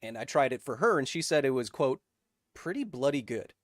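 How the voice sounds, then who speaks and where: A man hosting a science livestream, chatting casually and reading out viewer donations in an upbeat, joking way with bursts of excitement. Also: mid-range voice, quick pace, no echo, clean studio sound. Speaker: science YouTuber host.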